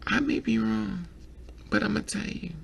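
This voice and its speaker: Gravelly guy ranting in a vlog, kinda high voice, gets all emotional and stammery. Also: very animated, moderate pace, slight background noise. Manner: emotional, repetitive, stammers when upset. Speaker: vlogger reviewing a documentary.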